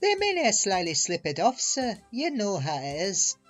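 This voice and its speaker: A man's voice: sits high, huge pitch swings, normal speed, fairly bright tone, soft background music, voice pushed up, exaggerated voice. A man voicing a pair of cheeky twin engines with a sly, lilting Scottish accent.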